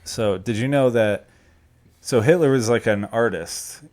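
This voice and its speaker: A man's voice: medium pitch, a little slow. A man co-hosting a podcast, telling crude, joking stories in casual chat. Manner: crude, joking, animated storytelling. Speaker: podcast co-host.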